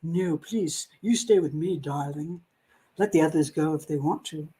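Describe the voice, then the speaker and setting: A woman reading aloud voices a menacing grown man who coaxes and threatens a group of boys, in a low, soft, wheedling tone. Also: normal speed, lightly acted.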